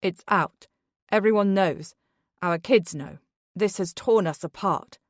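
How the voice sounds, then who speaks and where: A defensive, bitter husband snapping back on a phone call in an audiobook thriller, as a woman reader plays him. His lines come out curt and sarcastic, slightly lower than the narration. The reading is close and dry. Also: steady tone, moderate pace, dry recording, natural voice.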